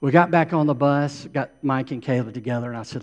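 Emphatic preacher in a reverberant hall. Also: male voice, mid-range voice, fast talker, darkish tone, highs cut off. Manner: emphatic, repeats phrases for effect. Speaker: pastor. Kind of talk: sermon.

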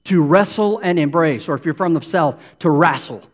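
A man's voice: on the high side, moderate pace. A man preaching a sermon with earnest intensity, acting out pleading prayers as he goes. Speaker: pastor. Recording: long hall reverb.

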